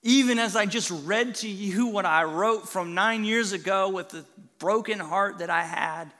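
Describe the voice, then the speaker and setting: Pastor, male, high bright voice, animated sermon storyteller, hall reverb. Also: unhurried. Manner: animated storytelling, swings from hushed to loud.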